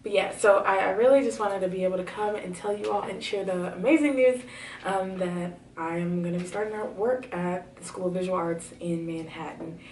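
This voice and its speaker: A woman's voice: mid-range voice, brisk, a little hiss or hum. Chatty young woman vlogging, roomy. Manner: chatty, many fillers, excited. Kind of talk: casual storytelling to camera. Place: home room. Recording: roomy, slightly distant camera audio.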